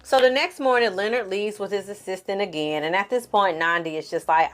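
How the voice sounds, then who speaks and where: A woman hosting a casual TV recap, talking straight to her viewers with slang and cursing and quickly acting out the characters' lines. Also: medium pitch, animated. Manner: acts out the characters' lines in quick put-on voices. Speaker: film and TV recap host.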